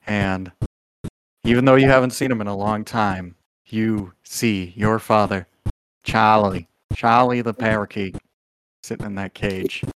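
A man narrating scenes as game master in a tabletop role-playing game, in a measured, descriptive way. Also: fairly low pitch, clean tone, no room sound.

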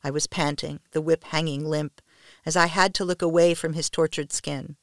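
A woman podcast storyteller reading a first-person story in a soft, intimate manner, often near a whisper, with a gravelly voice. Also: low-pitched, steady tone, moderate pace, no room sound, studio quality.

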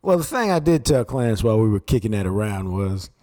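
A man co-hosting sports talk, breaking down football and chatting about sponsors in a steady, conversational way. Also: fairly low pitch, fast. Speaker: sports radio co-host. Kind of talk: casual football analysis.

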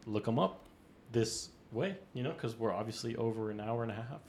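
A man's voice: mid-range voice, a little fast, noisy background. A man co-hosting a podcast in casual chat, rambling and teasing, laughing often. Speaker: podcast co-host.

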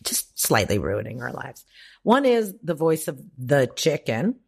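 A woman's voice: a bass voice, very animated, a little slow, creaky, breathy edge. A woman life coach on a podcast, talking emphatically and profanely, acting out the voices in people's heads. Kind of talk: podcast conversation.

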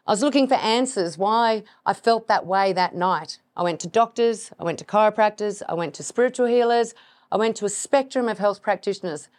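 A middle-aged woman hosting a podcast, telling a personal story in an animated way, laughing and acting out her own reactions. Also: mid-range voice. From Australia. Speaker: podcast host.

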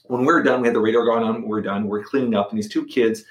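A man's voice: on the low side, fairly even intonation, fast talker, echoey room. A middle-aged man telling a personal story as a podcast guest. He talks casually, repeats words and restarts sentences.

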